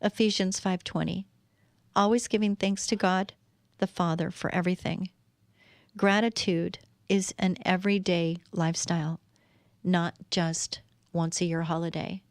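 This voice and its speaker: A middle-aged woman giving a heartfelt faith talk on her own live stream. She speaks earnestly and keeps asking her listeners rhetorical questions. Her voice sits a little low and sounds dry and close, with no room echo. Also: steady tone, a little slow. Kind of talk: faith-based devotional talk.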